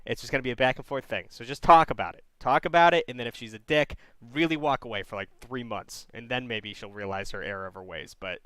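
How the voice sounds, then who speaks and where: A man's voice: medium pitch, fast talker, hardly any pauses, sharp tone, smooth, dry recording. A male call-in host giving blunt, profane relationship advice. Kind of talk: call-in advice show banter.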